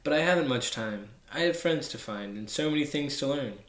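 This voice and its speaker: A man's voice: medium pitch, animated, brisk, a bit bright, voice pushed up, natural voice. A man voicing a polite, curious little boy prince in a storybook reading. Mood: earnest. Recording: echoey room.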